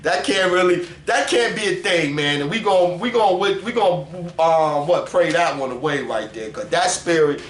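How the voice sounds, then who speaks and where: A man speaking in a casual religious vlog. His talk is animated and profane, and he reads scripture slowly. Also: a little high. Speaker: vlogger preaching scripture. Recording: roomy echo with faint ambient noise.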